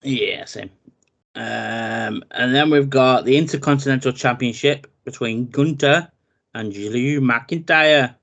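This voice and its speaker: A man, co-hosting a casual wrestling chat, running through a match card with animated, jokey asides. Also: mid-range voice, a little slow, vocal fry, muffled recording. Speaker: podcast co-host.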